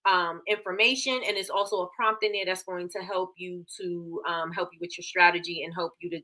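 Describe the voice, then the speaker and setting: Bright-voiced woman hosting a livestream. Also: fairly low pitch, steady tone, brisk. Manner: chatty, repeats phrases, reads stats aloud. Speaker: livestream host. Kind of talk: casual live business coaching.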